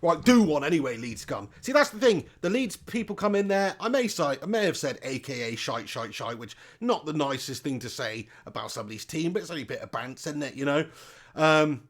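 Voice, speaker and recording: A man's voice: a little high, very animated, brisk. A man hosting a live football watch-along, chatting casually, reading viewers' comments aloud, joking and laughing often. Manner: jokey banter, laughs often, reads chat aloud. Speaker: live stream host.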